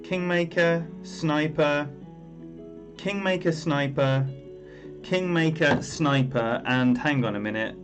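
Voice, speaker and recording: A man's voice: on the high side, slow, over music. A man commentating on his own game play during a live stream, chatty and rambling as he greets viewers by name.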